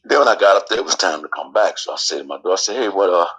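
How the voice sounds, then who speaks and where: A man telling a personal family story as a guest, lively and acting out the quotes. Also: deep voice, very fast, slightly rough, low-quality recording.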